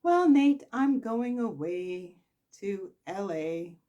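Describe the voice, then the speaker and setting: A woman's voice: medium pitch, lively intonation, takes it slowly, warm tone. A woman voicing a proud soap-opera daughter who acts breezy and unbothered while seething. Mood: coy. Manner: breezy, airy, falsely nonchalant. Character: proud, scheming soap daughter feigning calm.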